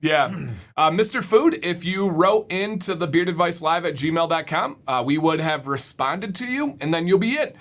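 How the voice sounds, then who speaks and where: A man's voice: fairly high pitch, expressive, normal speed, a bit bright. A young man hosting a casual livestream, upbeat, often repeating words as he reads the chat. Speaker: livestream host.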